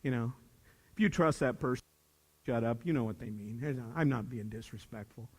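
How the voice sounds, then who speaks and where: A brisk, medium-pitched voice, a little mellow with a breathy edge, carries through a big room as an older motivational speaker addresses a young audience on leadership. He jokes, presses his points, and repeats key phrases like a preacher.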